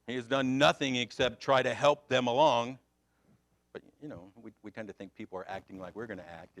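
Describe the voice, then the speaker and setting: An American man teaching a Sunday school Bible class, swinging between loud emphatic questions and quiet asides. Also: mid-range voice, no echo.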